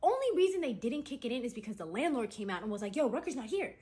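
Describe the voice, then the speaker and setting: A woman's voice: on the high side, very animated, fast, a little mellow. A young adult woman casually retelling a dramatic true story, chatty and full of "like" and "right?" asides. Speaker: storytime creator.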